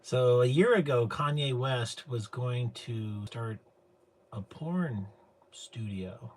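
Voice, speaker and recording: A man's voice: mid-range voice, lively intonation, slow. A man hosting his own show, chatting casually and rambling with many fillers. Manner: rambling, hesitant, full of fillers. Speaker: show host. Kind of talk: casual livestream chat.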